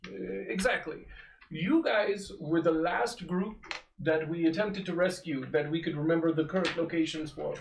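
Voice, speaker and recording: A man's voice: fairly high pitch, moderate pace, gravelly, roomy sound, distant mic, a little hiss or hum, low-quality recording. A man running a tabletop role-play, speaking formally in character with many stalling fillers. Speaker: game master voicing a character.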